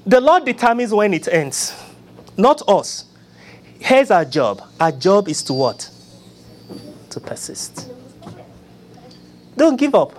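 A preacher gives an impassioned sermon, voice leaping up and down across a wide range. The delivery swings from loud cries to near-whispered pleading prayers. A faint ambient hum sits behind the voice. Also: sing-song, unhurried. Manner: acts out begging prayers in a low, soft voice.

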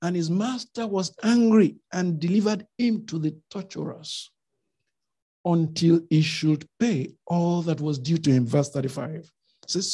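A man preaching a sermon with emphatic rhetorical questions, swinging between loud and soft delivery. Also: on the high side, a little slow, breathy edge.

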